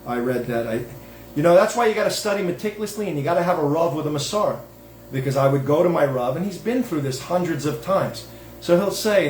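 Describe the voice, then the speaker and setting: A man's voice: a little high, animated, fast talker, a little mellow, roomy sound, a little hiss or hum. A man hosting his own show, giving a digressive religious monologue in a folksy, self-interrupting way. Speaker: host.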